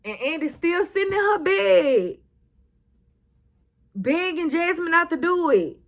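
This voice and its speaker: A woman's voice: very high-pitched, very animated, measured pace. A young woman recapping a TV episode in a casual, sassy, blunt way, swearing and talking back to the characters. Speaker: recap vlogger.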